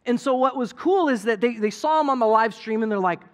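This middle-aged pastor speaks in a very high voice and at a brisk pace. His sermon is conversational and animated, delivered as storytelling with quotes acted out.

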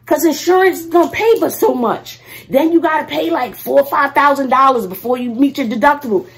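A middle-aged woman, a teacher talking casually to her viewers. She is playful and swings from loud to hushed while she talks to herself. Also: high voice, brisk. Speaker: vlogger, teacher. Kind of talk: casual vlog talk to viewers.

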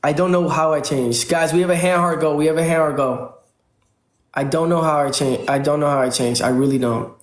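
A man's voice: fairly high pitch, steady tone, fairly quick, reverberant. A man livestreaming from home, pleading with viewers over and over and thanking them by name. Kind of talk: casual livestream chat. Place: home room.

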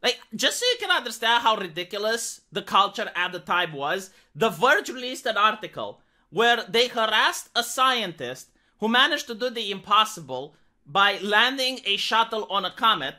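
Animated sarcastic woman ranting. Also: medium pitch, moderate pace. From Romania. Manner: sarcastic, exclamatory, swearing. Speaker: commentary vlogger. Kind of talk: ranting commentary.

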